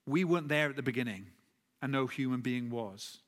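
A man's voice: mid-range voice, fairly quick. A man preaching a sermon in a conversational way, with self-corrections and asides. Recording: long hall reverb.

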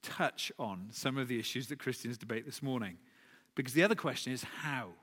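Talking fast at a medium pitch with a fairly bright tone, a man preaches a sermon in a conversational style full of self-corrections and side remarks. A long hall reverb surrounds his voice.

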